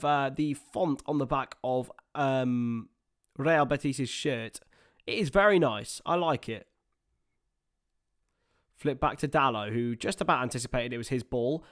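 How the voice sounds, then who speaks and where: Smooth-voiced man calling football live. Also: medium pitch, a bit bright. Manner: chatty play-by-play with asides to viewers. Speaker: livestream watchalong commentator. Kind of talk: live football watchalong commentary.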